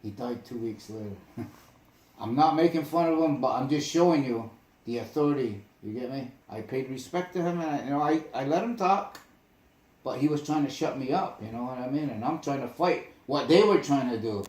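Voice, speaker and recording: A man telling stories in casual conversation, emphatic and animated, often asking if the listener follows. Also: mid-range voice, fairly quick, echoey room, poor audio. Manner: animated, emphatic, asks "you get me?". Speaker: storyteller. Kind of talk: casual storytelling chat.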